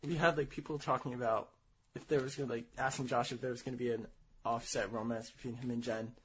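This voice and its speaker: A man's voice: medium pitch, flat delivery, quick pace, a little hiss or hum. A young man co-hosting a casual chat show, teasing and playful in his banter. His voice comes through a dull, muffled lo-fi recording. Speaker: podcast co-host.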